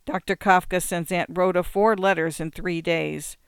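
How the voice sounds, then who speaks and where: A measured, reflective narrator reading literary fiction aloud. The voice is smooth and resonant, recorded on a close studio mic with a completely dry sound. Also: medium pitch, steady tone, dry recording. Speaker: audiobook narrator.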